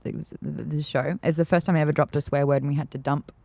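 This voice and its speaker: A woman co-hosting a casual podcast chat, animated and jumping high in pitch when excited. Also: fast talker, gravelly, no room sound. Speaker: podcast co-host.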